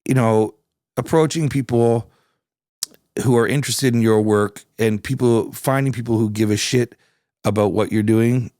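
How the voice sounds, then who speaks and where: A middle-aged man with a Canadian accent, a musician guest telling stories in a casual interview, relaxed and swearing freely. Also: medium pitch, moderate pace, no room sound, studio quality. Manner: relaxed, swears freely, animated when quoting people.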